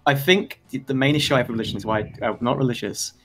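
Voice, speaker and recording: A man's voice: mid-range voice, fast, fairly bright tone, soft background music. A man in a voice chat who talks earnestly and rambles a little, restarting his sentences. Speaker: voice chat participant. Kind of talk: casual debate chat.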